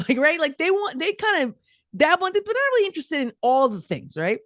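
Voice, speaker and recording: A woman's voice: high-pitched, very animated, fast, a bit bright, dry recording, clean studio sound. A woman doing a chatty, rambling stand-up set at a virtual comedy show. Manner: chatty, rambling, lots of "like" and restarts.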